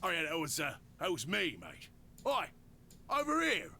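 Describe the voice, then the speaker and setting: A man's voice: fairly high pitch, wildly swooping pitch, normal speed, slight background noise, heavily acted. A man voicing a grumbling male robot in a game, with a coarse, slangy British accent and a sardonic, complaining manner. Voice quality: coarse, slangy, gruff drawl. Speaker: game character. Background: loud game music.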